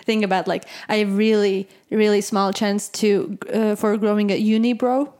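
A woman from Latvia, hosting a casual podcast chat, hesitant with many fillers and restarts and quick to laugh. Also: medium pitch, level tone, darkish tone. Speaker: podcast host.

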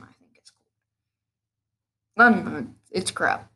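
A woman's voice: mid-range voice, a little slow, long pauses, bright, forceful tone, husky. Woman, podcast host, casual gaming chat, rambling, keeps restarting, offhand.

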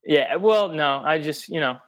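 A man's voice: fairly high pitch, unhurried, a bit bright. Blunt, profane sports podcast man. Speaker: podcast co-host. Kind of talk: casual sports chat.

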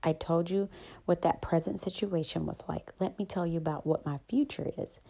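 A woman hosting a calm, reflective self-help talk, soothing and conversational, often adding "right?" to her points. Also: fairly low pitch, moderate pace, gravelly. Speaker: host.

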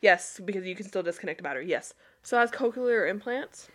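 A woman's voice: mid-range voice, lively intonation, a little fast, a bit bright. Laughing woman telling stories. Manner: laughing, storytelling, acts out quotes. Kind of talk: casual chat.

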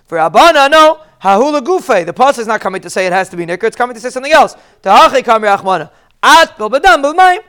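A man's voice: very high voice, animated, racing, sharp tone, clean tone. A man teaching a Talmud lesson, explaining each Hebrew phrase in plain English.

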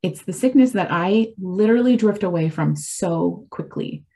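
A woman in her forties with a slightly low voice, speaking in a candid, reflective, conversational way. She pauses, restarts and leans on fillers as she works through personal thoughts on faith and recovery. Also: animated, mellow, husky. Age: 40s. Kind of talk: casual reflective talk.

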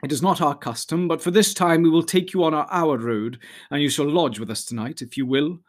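A man voicing an ancient noble male elf leader who speaks slowly and solemnly. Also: fairly high pitch, close to an everyday voice. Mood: stately. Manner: slow, stately, solemn speech.

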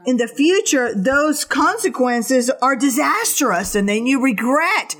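Slow high-voiced woman preaching. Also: animated, a bit bright. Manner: slow, earnest exhortation with repeated short commands. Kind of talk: sermon.

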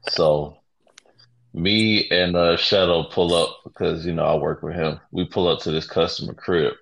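A man's voice: low voice, steady tone, measured pace, gravelly, a bit bright. A man telling a work story in casual slang, laid-back and amused. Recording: dull lo-fi recording.

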